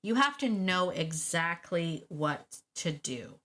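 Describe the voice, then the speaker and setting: Lively woman podcast host, lowish voice. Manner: animated, repeats key phrases, acts out quick quoted thoughts; direct and encouraging, addresses listener as you. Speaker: dog trainer and podcast host. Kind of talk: solo podcast coaching talk.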